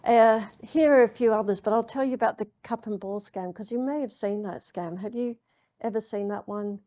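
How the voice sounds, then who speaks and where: Woman lecturer telling stories to a crowd, warm low-key tone, lots of ums, medium pitch. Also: moderate pace. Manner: chatty storytelling with frequent ums. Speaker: university lecturer. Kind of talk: public lecture. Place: lecture hall.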